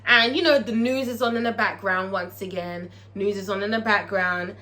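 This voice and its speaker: A woman recapping a TV episode in a casual vlog, profane and excitable, tagging her lines with "okay?". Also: medium pitch, normal speed. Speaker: TV show reviewer.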